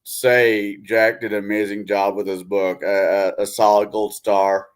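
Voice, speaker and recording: A man's voice: lowish voice, flat delivery, measured pace, smooth. A man co-hosting a casual chat, telling stories and laughing as he talks.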